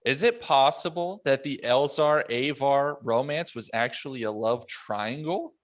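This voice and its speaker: A man hosting a casual podcast roundtable, running briskly through notes and laughing often. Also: mid-range voice. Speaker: podcast host.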